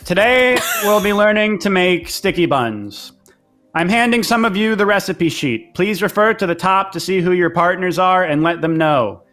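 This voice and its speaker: Brief: bossy old schoolteacher lady, higher pitch, played by a man. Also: lively intonation, normal speed, a bit bright, faint music behind. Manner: bossy, calling a class to order. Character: stern older female home ec teacher.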